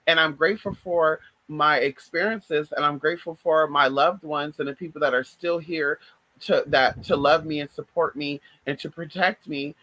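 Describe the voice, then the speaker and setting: A woman's voice: low-pitched, steady tone, moderate pace, a bit bright, no echo, rough recording. A woman vlogger chatting casually to her viewers, swearing freely and calling them y'all and girl. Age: adult. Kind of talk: casual storytelling chat.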